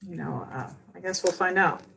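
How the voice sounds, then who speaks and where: A woman hosting a livestream as a spiritual medium, talking in a soft, heartfelt, halting way. She sounds tired. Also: lowish voice, vocal fry, background noise. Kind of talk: casual livestream talk.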